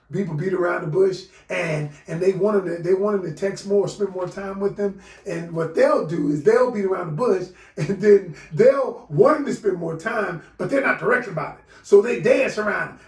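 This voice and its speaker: A man teaches a relationship course in an animated, preachy way. His voice sits high and gravelly. He is set back from the mic in a room with a roomy echo. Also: normal speed, distant mic. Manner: animated, preachy, addresses viewers as y'all. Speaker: relationship coach. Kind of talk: video course lesson.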